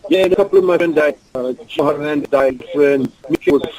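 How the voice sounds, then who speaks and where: A man's voice: fairly high pitch, quick pace, low-quality recording. A man with a Russian accent, speaking broken English, telling rambling stories as a guest in an interview. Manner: broken English, rambling anecdotes, animated voices for quotes. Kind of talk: phone interview storytelling.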